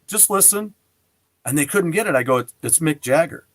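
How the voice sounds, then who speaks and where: A man's voice: on the high side, fast. A man hosting an interview show, telling a long anecdote in casual chat and acting out the dialogue he quotes. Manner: lively storyteller who acts out quoted dialogue.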